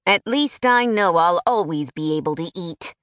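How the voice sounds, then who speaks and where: A woman's voice: fairly low pitch, animated, moderate pace, a bit bright, dry recording, clean studio sound. A woman narrator voicing a tall, impatient, sneering man who is an emperor's brother. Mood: mocking.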